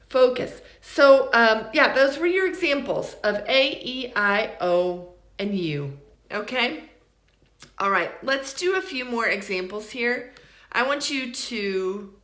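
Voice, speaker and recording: A woman teaching English pronunciation in a recorded lesson, saying each example word slowly and then repeating it for learners. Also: a little high, bright, forceful tone, echoey room. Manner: slow, deliberate, repeats model words for learners.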